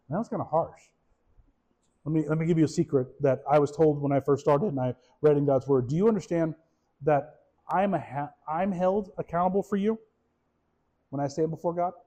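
Male pastor, high voice, conversational sermon, animated, repeats himself. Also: rough recording. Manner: animated, repeats words, asks the room questions.

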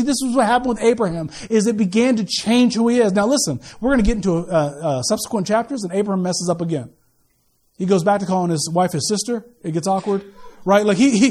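High-voiced man preaching with stammered restarts. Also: a little mellow. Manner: casual, joking preaching with many stammered restarts. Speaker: pastor. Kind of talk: sermon.

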